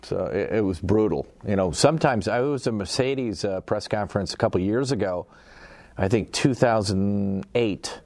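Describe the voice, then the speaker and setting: Middle-aged man with a deep voice; animated anecdotal panelist, laughs easily. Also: normal speed. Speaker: former auto industry PR man, panelist. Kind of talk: casual podcast chat.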